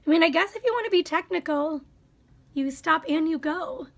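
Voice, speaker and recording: A woman's voice: extremely high pitch, animated, normal speed. A young woman from Wisconsin with a Wisconsin accent, chatting casually through a quiz for her vlog and musing aloud. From Wisconsin, USA. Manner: chatty, musing, drops into whispers. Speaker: vlogger.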